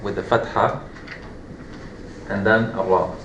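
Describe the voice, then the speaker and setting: A man's voice: lowish voice, steady tone, slow pace, dull audio. A man teaching a classroom lesson on Quran recitation, explaining patiently step by step with repeated examples. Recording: echoey room, light background hum.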